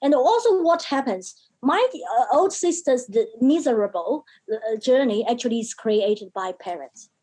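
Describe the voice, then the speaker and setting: A woman speaking as an interview guest, telling a personal story in halting phrases with many fillers and acting out the lines of the people in it. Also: a little high, expressive, dark tone, rough recording. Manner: emphatic, acts out quoted speech. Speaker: podcast guest, mental health educator.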